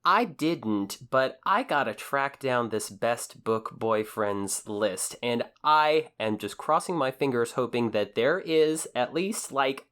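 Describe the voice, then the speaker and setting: Earnest man co-hosting a podcast. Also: medium pitch. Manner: earnest, measured, presents news and listener shout-outs. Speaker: podcast co-host. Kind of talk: casual podcast chat.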